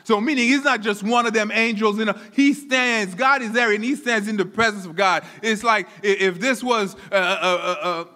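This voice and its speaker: A man preaching a sermon as pastor, animated, often repeating words as he builds a point. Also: high-pitched, normal speed, few pauses, big-room sound. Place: church.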